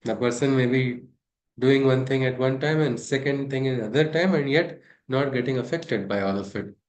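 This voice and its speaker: A man's voice: medium pitch, normal speed. A man teaching a scripture class, talking things through and asking his listeners rhetorical questions. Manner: discursive, asks rhetorical questions. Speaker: spiritual teacher.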